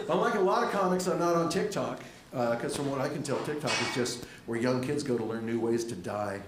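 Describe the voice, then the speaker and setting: A middle-aged male stand-up comedian on stage at a comedy club, delivering jokes with a dry, wry deadpan through a handheld mic. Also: background noise. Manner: dry, wry deadpan with lively jumps in pitch. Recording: echoey club room with audience laughter.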